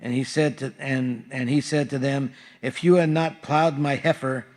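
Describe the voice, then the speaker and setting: A man's voice: mid-range voice, unhurried, a little mellow. Conversational male pastor teaching scripture. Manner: casual, conversational teaching with frequent fillers. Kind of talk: verse-by-verse sermon. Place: church sanctuary.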